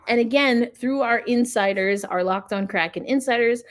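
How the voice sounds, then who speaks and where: A woman's voice: on the high side, normal speed. A woman hosting a sports podcast from a friend's house, talking casually and sarcastically, with frequent restarts. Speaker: podcast host.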